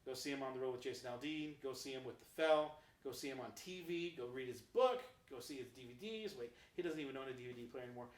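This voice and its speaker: A man hosting a relaxed, friendly conversation with a joking streak. His mid-pitched voice comes from a distance and rings in a roomy space. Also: fast, hardly any pauses. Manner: friendly, joking, upbeat sign-off. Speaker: host. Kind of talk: casual interview chat. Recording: echoey room, distant mic.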